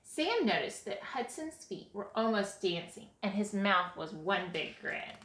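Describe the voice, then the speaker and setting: Woman storyteller, picture-book read-aloud, slow and animated, echoey room. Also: medium pitch.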